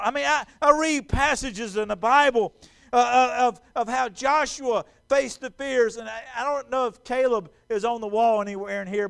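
A man preaching a sermon in a church, animated and stumbling over repeated words as he acts out quotes. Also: extremely high pitch, vocal fry. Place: church sanctuary.

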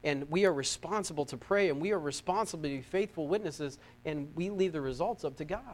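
A man from the United States preaching a sermon, fervent and emphatic, swinging between loud peaks and quiet asides and repeating his phrases. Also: a little high, a little fast, a little hiss or hum. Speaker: pastor.

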